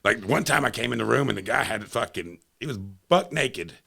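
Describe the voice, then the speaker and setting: A man, a podcast guest, telling stories in a casual, animated way and acting out the quotes. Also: mid-range voice, normal speed, gravelly, breathy edge. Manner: animated, laughing storyteller who acts out quotes. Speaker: podcast guest, former strip club bouncer. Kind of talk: casual storytelling.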